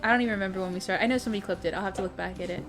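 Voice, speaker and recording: A woman's voice: medium pitch, racing, a bit bright. A young woman hosting a livestream, chatting casually and bubbly with her viewers, greeting them by name and swearing now and then. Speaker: livestream host. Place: home streaming setup. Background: faint music playing.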